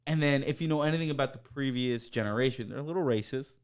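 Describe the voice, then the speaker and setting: A man talks quickly in a relaxed, casual chat, racing through stories about old coworkers. He slips into loud, high-pitched impressions of the people he describes, swears freely and laughs along. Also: smooth. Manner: animated storyteller, acts out coworkers in loud high voices, swears a lot, laughs often. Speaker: podcast host.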